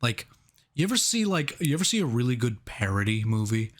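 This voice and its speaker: Young male co-host, mid-pitched, loose rambling delivery with laughs. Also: sing-song, a little fast. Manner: rambling, laughing, restarts often. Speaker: podcast co-host. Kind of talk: casual movie review chat.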